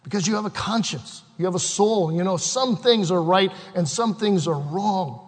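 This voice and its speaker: A man preaching a sermon with passion, rising to loud bursts and dropping to slow, quiet scripture reading. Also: sits high, slightly rough. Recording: long hall reverb.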